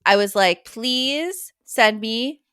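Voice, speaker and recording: Casting: middle-aged woman podcast host, bright voice, close dry mic, laughs easily. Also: a little high, animated, slow pace, smooth, no room sound. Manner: chatty, laughs often, mimics her kids. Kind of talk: casual chat.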